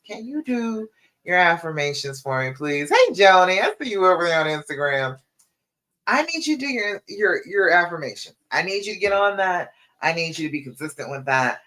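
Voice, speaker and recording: Speaking in a deep voice, a woman who works as a relationship coach runs a live-stream Q&A and pep talk. She addresses viewers straight on, urging them on again and again and telling animated stories.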